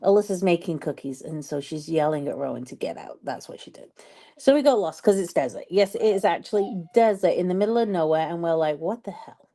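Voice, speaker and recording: A woman chats casually on a live stream while she does her makeup. Her voice is slightly low and warm, and she tells her story in an animated, exasperated way, repeating herself for emphasis. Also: a little fast. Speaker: social media strategist and vlogger.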